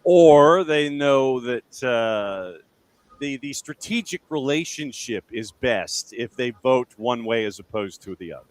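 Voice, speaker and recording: Man, mid pitch, relaxed podcast co-host who brings in topics and reacts briefly. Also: a little slow. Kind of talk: casual podcast chat.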